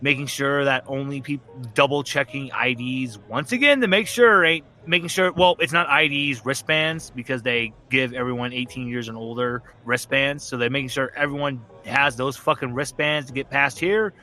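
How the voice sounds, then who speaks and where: Bright-voiced man running a tabletop game. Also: medium pitch, steady tone, moderate pace, hardly any pauses, soft background music. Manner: rambling, casual, swears, laughs often. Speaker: game master.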